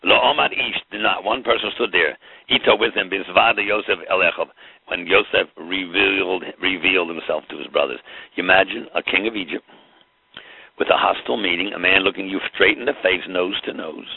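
Gravelly low rabbi on a tinny line. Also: male voice, brisk, no echo. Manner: dramatic storytelling, acts out the scene. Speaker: rabbi teaching Torah. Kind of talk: Torah lecture mixing Hebrew and Yiddish terms. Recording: tinny phone-line audio.

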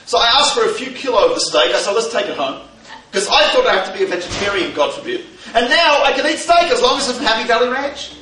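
Brief: male lecturer, very high, bright voice, animated with rhetorical questions, recorded from far off in an echoey hall. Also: fast talker, few pauses. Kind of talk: humorous lecture to a live audience. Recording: echoey hall, distant mic, faint noise.

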